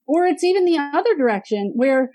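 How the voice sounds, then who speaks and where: A woman's voice: sits high, very animated, fairly quick, mellow, no echo, low-quality recording. A woman therapist in casual podcast conversation, chatty, with many filler words and brief mimicking of parents.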